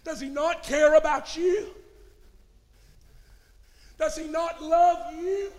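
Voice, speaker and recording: A male preacher, delivering an impassioned sermon that swings from shouts to hushed tones. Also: very high voice, slow pace. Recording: reverberant hall.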